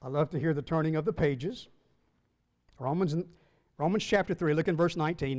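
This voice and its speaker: A man, a Baptist pastor, teaching the Bible to his congregation in church, measured and emphatic, slowing and rising when he reads scripture. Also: a little high, darkish tone, in a large hall.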